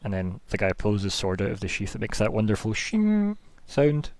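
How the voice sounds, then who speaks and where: A young man runs a tabletop game, narrating in a loose, chatty ramble full of ums and likes. His voice sits low and the sound is dry and close. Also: very animated, moderate pace, darkish tone, no echo. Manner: rambling, chatty, many fillers. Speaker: game master.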